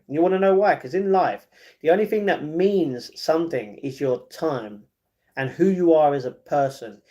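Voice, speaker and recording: A man's voice: fairly high pitch, darkish tone. A man chatting casually on a livestream and giving viewers blunt, repetitive advice. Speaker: streamer. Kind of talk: casual livestream chat, reading viewer comments.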